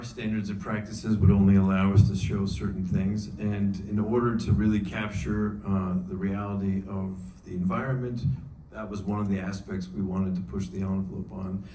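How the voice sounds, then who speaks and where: A man answering on a panel, explaining in a measured, fluent way. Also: lowish voice, fairly even intonation, darkish tone. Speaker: actor guest on panel. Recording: roomy hall, distant mic, faint noise.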